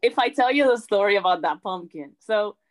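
A young woman as an interview guest, chatting in a lively way, acting out quotes and saying "like" a lot. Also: medium pitch, a little fast, low-quality recording. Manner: chatty, animated, acts out quotes, says "like" often. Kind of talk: casual storytelling.

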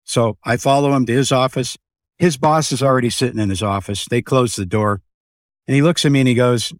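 Animated older man telling stories. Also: medium pitch, fairly quick, no echo, studio quality. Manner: animated storyteller, acts out voices in anecdotes. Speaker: podcast guest, business founder. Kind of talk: casual storytelling interview.

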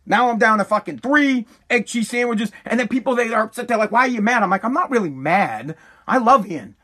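A middle-aged man telling a profane, comedic rant about his family eating his food, animated and building to shouts. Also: extremely high pitch, brisk.

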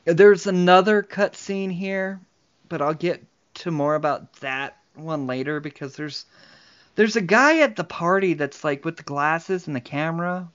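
Man, higher-pitched voice, podcast co-host, retells scenes with frequent laughs, dull lo-fi audio. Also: measured pace, fairly bright tone, smooth. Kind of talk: casual movie-discussion podcast.

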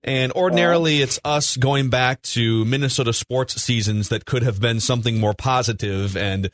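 A man's voice: mid-range voice, normal speed. A man hosting a sports talk radio show, upbeat as he sets up segments with long questions.

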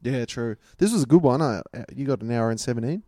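A man's voice: mid-range voice, lively intonation, fast, dark tone, dry recording, clean studio sound. A young man co-hosting a casual podcast, teasing his friend and reading listener reviews aloud with crude jokes. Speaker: podcast co-host.

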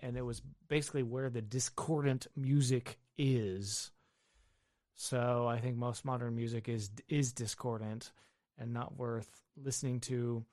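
A man hosting a livestream from his basement, reading out chat questions and answering in a relaxed, offhand way. His voice sits at an ordinary middle pitch. The sound is close and dry, with no room echo. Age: adult with wife and children. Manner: reads viewer questions aloud, then answers offhandedly. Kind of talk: casual live-stream chat. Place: home basement.

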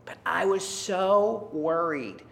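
A man's voice: high voice, takes it slowly, vocal fry, fairly bright tone, slight background noise. A man in his fifties from Texas telling a personal story in a reflective, conversational way with wry asides.

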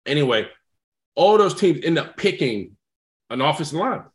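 A man, a former football player and guest, telling a story in a casual, animated way, swearing freely. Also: fairly high pitch, normal speed.

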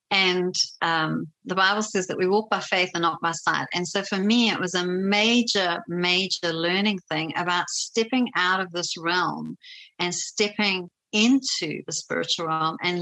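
Bright-voiced woman telling a faith story. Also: on the low side, rough recording. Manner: animated, laughs often, many fillers. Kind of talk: casual personal storytelling.

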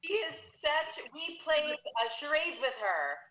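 A woman joining radio banter, excitable and animated as she tells a story. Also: sits high, unhurried, roomy sound, rough recording. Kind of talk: casual chat.

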